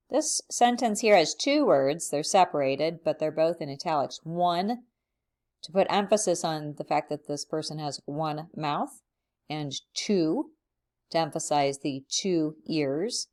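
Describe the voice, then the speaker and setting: A woman's voice: low voice, expressive, a little slow, a little mellow. A woman explaining a writing mechanics rule, methodically reading example sentences aloud. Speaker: writing instructor. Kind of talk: instructional explanation.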